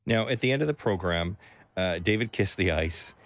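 A man hosting a radio sports documentary, narrating the story in a measured way and asking interview questions. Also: sits low, expressive.

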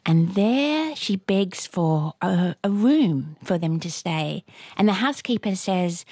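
A woman retelling a folktale aloud in a lively, rhythmic way, with a husky voice. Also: lowish voice, unhurried, dry recording. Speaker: storyteller. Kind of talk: oral folktale telling.

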